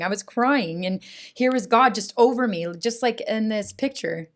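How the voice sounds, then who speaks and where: Middle-aged woman, podcast guest, earnest heartfelt testimony, animated, keeps asking "right?". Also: on the high side, moderate pace. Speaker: school board president, guest. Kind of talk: emotional personal testimony in a podcast interview.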